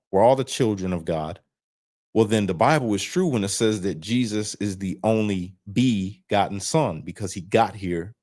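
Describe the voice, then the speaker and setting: A man with a very deep, low voice, talking as a guest over a video call. He tells his story candidly and casually, swearing without hesitation. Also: a little mellow. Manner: frank and plain-spoken, swears freely. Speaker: interview guest on parole.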